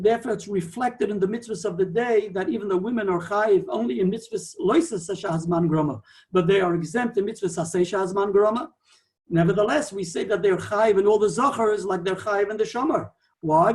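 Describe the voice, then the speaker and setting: A man, a rabbi, giving a digressive, animated Talmudic lecture peppered with Hebrew and Yiddish terms. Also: sits high. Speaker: rabbi teaching a Torah class.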